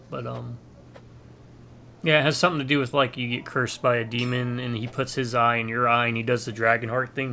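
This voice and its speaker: Man, casual gameplay chat, rambling jokey storyteller, gravelly, sharp tone. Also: mid-range voice, slight background noise. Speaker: co-op gaming channel host.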